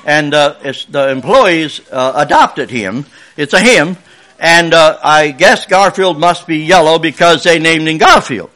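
A man's voice: a little high, sharp tone. A man closing a church service by telling the children a chatty, folksy story and asking the congregation questions.

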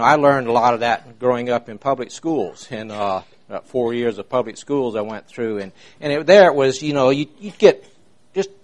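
A man preaching an informal, rambling sermon in a folksy way, with many fillers and restarts. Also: medium pitch.

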